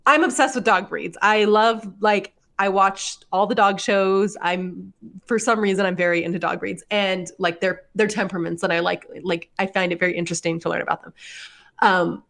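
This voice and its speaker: A woman's voice: medium pitch, steady tone, moderate pace, gravelly, a bit bright. A young adult woman hosting a podcast, telling a story in casual chat, full of likes and laughs. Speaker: podcast host.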